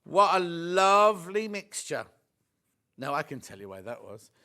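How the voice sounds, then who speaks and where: A chatty, excitable man hosts a live shopping show. His voice sits high for a man, and he gushes over each product while chatting with viewers and crew. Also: measured pace. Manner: lively and gushing over the products. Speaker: shopping channel presenter.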